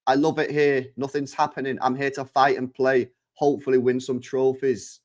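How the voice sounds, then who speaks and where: A man, chatting casually to his live-stream chat, excitable and swearing a lot, often swinging between loud and quiet. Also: medium pitch, moderate pace.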